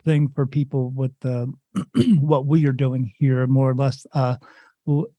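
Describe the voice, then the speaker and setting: A man's voice: mid-range voice, a little slow, warm tone. A man hosting a podcast interview, affirming his guest with frequent short agreements. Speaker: host. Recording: dull lo-fi audio.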